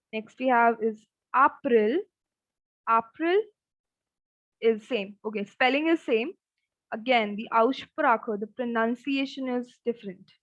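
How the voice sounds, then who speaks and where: A woman teaching a German lesson, speaking slowly and repeating each word several times. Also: on the high side, no room sound. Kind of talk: online language lesson. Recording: dull, dry lo-fi sound.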